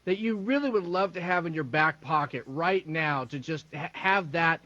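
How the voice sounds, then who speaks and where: A man's voice: fairly high pitch, normal speed, sharp tone, no echo, dull audio. A male host asking a guest questions eagerly in a casual interview. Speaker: show host.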